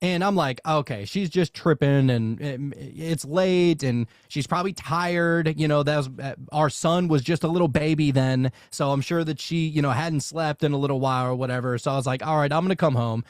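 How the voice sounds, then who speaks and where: Man, from louisiana, slightly high voice, casual storytelling, swears freely, lots of fillers, dry close mic. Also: moderate pace, few pauses, no echo. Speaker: podcast guest.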